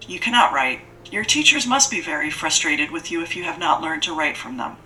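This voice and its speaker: A cold, formal lady who means to fatten up a child and eat her, as a woman narrator puts her on, every sentence prim and stiff. The voice is low-set but bright and keen. It sits back from the mic, with a faint hiss underneath. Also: lively intonation, brisk, recorded from a distance, rough recording.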